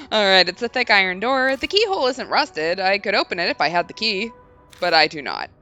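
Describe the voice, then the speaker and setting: Bright, lively woman playing through a game. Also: mid-range voice, moderate pace, faint music behind. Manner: chatty, giggly, reads on-screen text in a storytelling tone. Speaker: let's play host. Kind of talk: casual game commentary, reading game text aloud.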